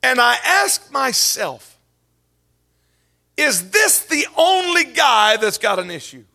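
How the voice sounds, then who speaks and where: A man preaching a sermon as pastor, swinging from hushed whispers up to shouted, tearful peaks. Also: very high voice, very animated, slow, creaky.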